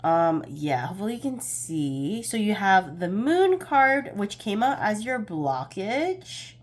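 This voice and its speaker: A woman's voice: medium pitch, sing-song, takes it slowly. A young woman giving a casual pick-a-card tarot reading, chatty and a bit scattered, often laughing at herself.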